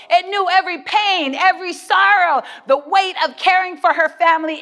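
A woman delivers a sermon in a high voice, building her points through rhythmic, emphatic repetition and calls to her listeners. Her words ring out with a long reverb trailing behind them. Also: a bit bright. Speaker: preacher.

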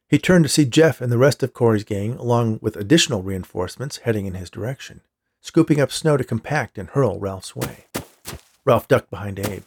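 A man reading a story aloud with a steady storytelling delivery. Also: medium pitch, normal speed, slightly rough. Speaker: story reader. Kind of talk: audiobook narration.

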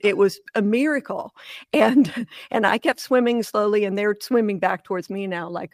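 A woman guest in an interview, telling an animated sailing and snorkeling story with frequent laughs. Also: medium pitch, normal speed, no room sound, clean studio sound. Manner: animated storyteller, laughs often, acts out voices. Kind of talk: storytelling in casual conversation.

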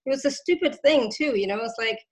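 A woman's voice: sits high, fast, rough recording. A woman hosting a casual online show, effusive and grateful, laughing often as she talks. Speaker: host. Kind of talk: casual chat.

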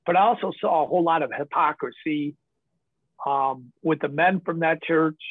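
A man's voice: on the high side, no room sound. A man from the northern United States, a podcast guest telling rambling stories in casual talk, often chuckling and swearing. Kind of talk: casual storytelling. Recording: tinny phone-like dry line.

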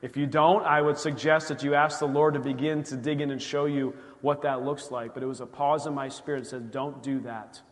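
A male pastor preaching a sermon, telling a story and acting out the dialogue with lively energy. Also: mid-range voice, brisk, few pauses. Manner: animated storytelling, acts out dialogue. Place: church sanctuary. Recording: church hall reverb.

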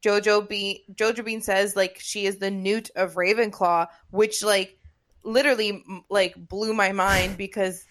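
Halting young woman podcast co-host. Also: medium pitch, level tone. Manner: halting, trails off with "like" and "you know". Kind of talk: casual podcast chat.

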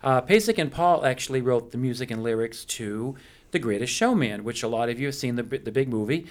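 A middle-aged man hosts a local radio program from a studio. His delivery is loose and chatty, full of ums and playful asides, at an ordinary mid pitch for a man. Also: lively intonation, brisk. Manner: chatty and playful, with many fillers. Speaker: radio show host. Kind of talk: casual radio interview.

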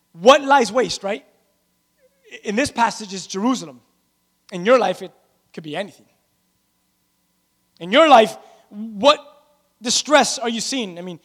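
A man with a strikingly high voice delivers a sermon as pastor of his church. He preaches emphatically, repeating his key phrases to build momentum, then drops into casual, conversational asides to the congregation. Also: a bit bright.

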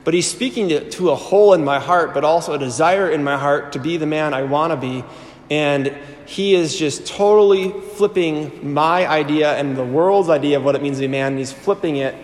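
A priest in his thirties telling his personal testimony to a live audience. He tells it with animated storytelling and acts out the voices he quotes. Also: on the high side, moderate pace. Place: large hall before an audience. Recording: echoey hall with long reverb.

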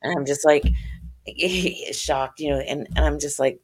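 A woman author, a guest on a podcast interview, tells a very personal story, earnest and openly religious, sometimes tearing up and acting out voices. Her low voice is level, brisk and darkish in tone.

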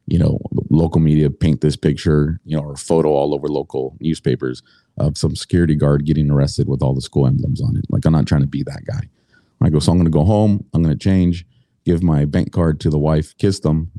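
Very deep-voiced, blunt middle-aged man. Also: warm tone, no room sound, studio quality. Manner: blunt, profane, indignant. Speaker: podcast guest. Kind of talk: storytelling in a podcast interview.

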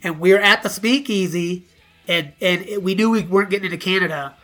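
Brief: middle-aged man, high bright voice, swears freely, animated raconteur acting out quotes. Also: fairly quick, soft background music. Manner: profane, animated, acts out quoted dialogue. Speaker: guest musician. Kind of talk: casual storytelling interview.

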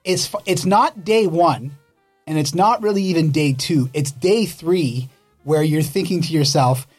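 A man's voice: a little high, unhurried, soft background music. A man hosting a gardening radio show in a studio, talking in a playful, joking way. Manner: upbeat, jokey, playful. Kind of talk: casual radio chat.

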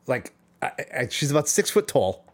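A man's voice: medium pitch, big pitch swings, normal speed. A man, telling a rambling story in casual chat on a podcast, often restarting and chuckling. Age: 40s. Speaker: podcast co-host.

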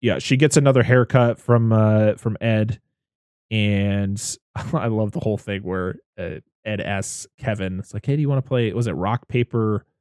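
A man from Western Massachusetts casually recapping a movie, animated and swearing, often jumping into high voices to act out the characters. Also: measured pace, no room sound, studio quality.

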